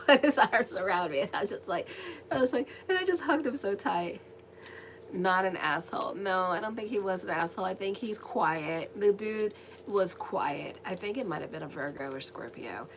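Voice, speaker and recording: A woman astrologer giving a casual, rambling tarot and horoscope reading, chatty and quick to laugh. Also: lowish voice, background noise.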